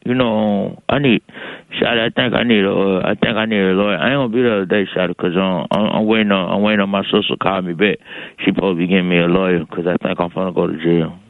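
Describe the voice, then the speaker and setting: A man's voice: sits low, steady tone, fast, no echo. A man voicing a hapless, rambling caller who stammers and repeats himself, panicking about going to jail. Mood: worried. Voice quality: whiny, drawling, rambling. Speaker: regular caller character. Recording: dry tinny phone line.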